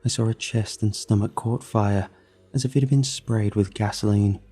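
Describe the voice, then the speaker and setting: A man reading a horror story aloud in a measured, grim way. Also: fairly low pitch, fairly even intonation, warm tone, husky. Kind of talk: scripted horror narration. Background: faint music.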